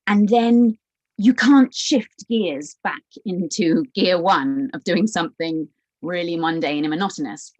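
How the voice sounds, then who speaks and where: Animated woman, halting speech. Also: fairly low pitch, muffled recording. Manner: animated, halting with many restarts and fillers. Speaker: guest. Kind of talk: conversational interview.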